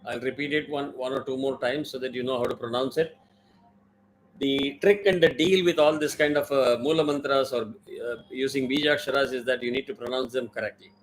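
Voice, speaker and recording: A man's voice: mid-range voice, steady tone, brisk, slight background noise, poor audio. A man teaching a mantra in an online class, with careful pronunciation drills and many fillers. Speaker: Vedic chanting teacher.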